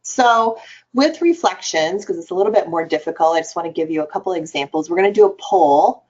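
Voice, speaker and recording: A woman's voice: lowish voice, animated, quick pace, darkish tone. A woman presenting a webinar for adolescent health providers, explaining in a conversational way with some fillers. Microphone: computer mic on a webinar call. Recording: dull lo-fi webinar audio.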